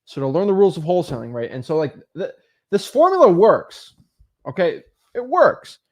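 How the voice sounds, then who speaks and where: Animated man coaching on a livestream. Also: high voice, normal speed. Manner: animated, acts out quoted dialogue, frequent "right?" and "like". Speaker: co-host of real estate livestream. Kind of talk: motivational livestream talk.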